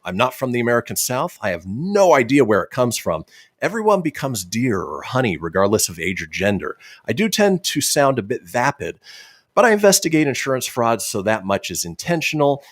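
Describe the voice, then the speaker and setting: A man's voice: medium pitch, fairly quick, no echo, clean studio sound. A man hosting a radio show, chatting casually and reading out listener messages with chuckles. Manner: lively, chuckling storyteller.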